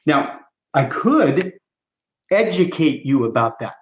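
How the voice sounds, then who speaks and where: A man's voice: a little high, sing-song, takes it slowly. Emphatic coaching man, roomy lo-fi. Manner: emphatic, coaching, asks if listeners follow. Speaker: chiropractic coach, podcast guest. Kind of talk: teaching and role-play demonstration. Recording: roomy, dull lo-fi sound.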